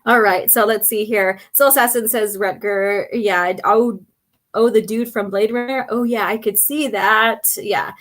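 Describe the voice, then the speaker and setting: A woman hosting a casual chat show. She talks in an unhurried, chatty way, laughs often, and is losing her voice. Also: mid-range voice, fairly even intonation, fairly bright tone. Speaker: host.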